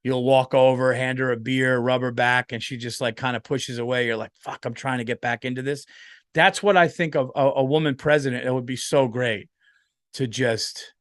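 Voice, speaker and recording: A man's voice: medium pitch, fairly even intonation, normal speed, a bit bright, no room sound, clean studio sound. A tired man hosting a comedy podcast, rambling and swearing freely in a casual monologue. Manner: profane, rambling, lots of fillers.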